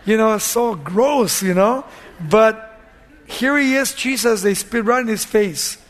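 A man preaching as a pastor, retelling scripture with animated storytelling and acting out the scenes, and closing in a quiet prayer. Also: high voice, a little slow. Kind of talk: sermon.

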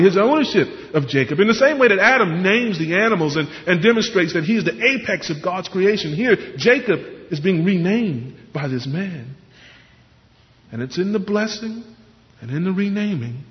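Preaching man in an echoing hall. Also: high-pitched. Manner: earnest, explanatory preaching with rhetorical questions. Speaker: pastor. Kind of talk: sermon. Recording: muffled sound with long hall reverb.

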